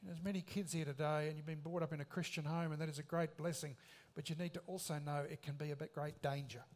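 A man's voice: a little high, fairly even intonation, fast talker. A man preaching a sermon in an emphatic, conversational way, with rhetorical questions.

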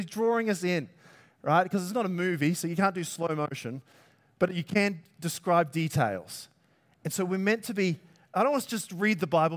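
A man preaching a sermon with a fairly high-pitched voice. He talks in a loose, conversational way, keeps his energy up and drops in jokey asides. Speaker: pastor.

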